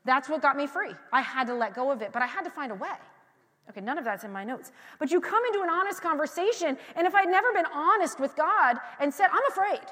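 Woman, pastor, high voice, candid conversational sermon, quiet-to-loud swings, long church-hall reverb. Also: lively intonation, fast talker. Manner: candid, personal storytelling with frequent restarts; swings between quiet confiding and loud emphatic passages.

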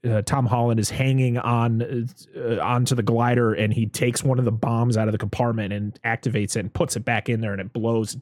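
A man talks through a movie scene by scene, loose and rambling, dropping curse words as he goes. His voice sits at an ordinary middle pitch, and the recording is dry and close with no room sound. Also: fairly quick, hardly any pauses, dry recording. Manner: rambling, animated, swears freely. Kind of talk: casual chat recapping a movie.

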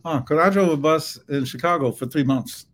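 A man with a Southern US accent, a book author talking as a podcast guest in a relaxed way, mumbling some words and laughing often. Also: on the high side, fairly quick. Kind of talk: podcast interview.

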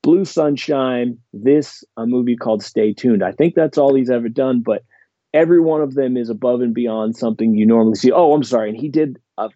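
A man hosts a laid-back podcast, talking horror films with rambling enthusiasm and plenty of fillers. His voice is dark and mellow. The recording is dry and dull, a little lo-fi. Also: medium pitch, brisk, no room sound. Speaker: podcast host. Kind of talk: casual chat about horror films.

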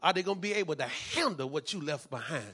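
Male pastor, sermon delivery, high-pitched, lively and fervent. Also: quick pace, slightly rough. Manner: preaching, building from calm teaching to shouted fervor.

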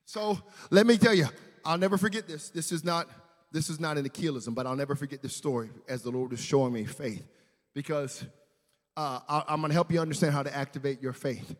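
A pastor preaches to his congregation in a church sanctuary, speaking to them directly and building toward fervent declarations. His voice is fairly high, steady in tone and brisk. The large hall gives the recording a long reverb.

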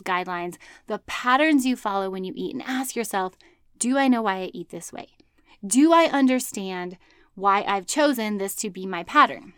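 A woman's voice: on the high side, dry recording, clean studio sound. A woman in her thirties hosting a podcast, giving casual advice in a chatty, upbeat way and laughing often. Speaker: podcast host.

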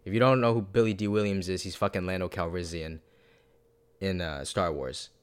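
A man co-hosting a podcast, rambling and animated in casual chat, swearing now and then. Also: low-pitched, moderate pace, clear, resonant tone. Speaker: podcast co-host.

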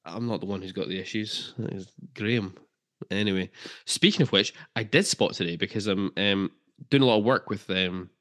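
A man's voice: low voice, a bit bright. Chatty man hosting a podcast. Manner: chatty, jokey, with filler ums. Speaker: podcast co-host. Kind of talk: casual football podcast chat.

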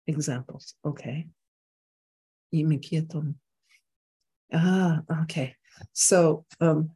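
A spiritual healer leading a workshop talk, weaving chanted syllables into plain speech with a gentle, guiding tone and easy laughs. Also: medium pitch, breathy edge.

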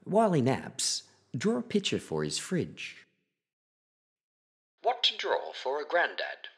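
A man reading a children's picture book aloud in an expressive, playful storytelling manner. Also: on the high side, takes it slowly. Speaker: storybook reader.

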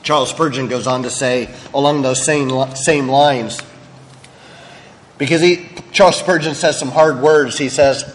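A man's voice: medium pitch, steady tone, a little slow, slight background noise. Man preaching in an echoey hall. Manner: candid, conversational preaching with asides. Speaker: pastor. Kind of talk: sermon.

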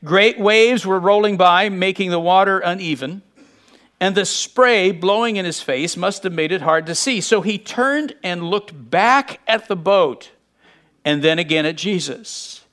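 A man preaching a sermon in a conversational way, acting out quotes from the story with animated bursts. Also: sits high, unhurried.

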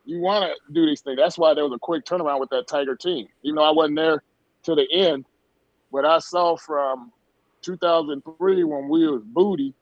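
A man who played pro baseball swaps stories in a casual sports talk. His voice sits a little high and he talks with emphasis. The sound is dry, dull and lo-fi. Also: normal speed, dry recording. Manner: storytelling, emphatic.

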